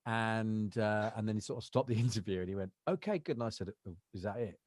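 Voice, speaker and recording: An actor and voiceover artist, guesting on a podcast, tells rambling anecdotes with lots of fillers in a casual interview chat. He talks fast in a lowish voice with fairly even intonation, recorded in a clean studio with no room sound.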